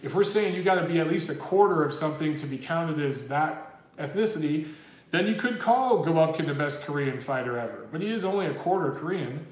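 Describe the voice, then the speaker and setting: A man's voice: a little high, lively intonation, fairly quick, reverberant. A man hosting a casual livestream, chatty and rambling as he reads viewer messages aloud. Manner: chatty, rambling, says dude a lot. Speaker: boxing livestream host. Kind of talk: casual livestream chat reading super chats.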